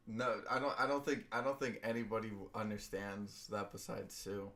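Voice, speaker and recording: Gravelly man thinking aloud on stream. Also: on the low side, level tone, normal speed, few pauses, a bit bright. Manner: offhand, thinking aloud with fillers. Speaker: stream host trading stocks. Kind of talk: casual livestream commentary.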